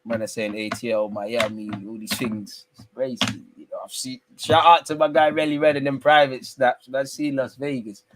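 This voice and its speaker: Young male watch-along host, loose and slangy, with loud teasing bursts. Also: mid-range voice, normal speed, hardly any pauses, slight background noise. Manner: teasing, slangy banter with sudden excited outbursts. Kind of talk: live football watch-along commentary.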